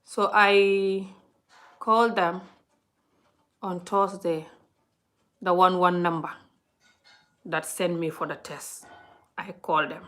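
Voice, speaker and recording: Chatty woman vlogger, animated storytelling straight to camera. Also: fairly low pitch, takes it slowly, pauses often. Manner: chatty, talks a lot; animated retelling, often addresses viewers. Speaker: vlogger on a live stream. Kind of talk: casual storytelling chat.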